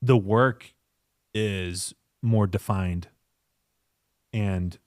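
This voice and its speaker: A man's voice: on the low side, very slow, no echo, studio quality. A man hosting a podcast, telling stories in a casual chat with lots of laughter and acted-out voices of the people in them. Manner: animated, laughs often, acts out quoted people in a raised voice. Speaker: podcast host, company founder.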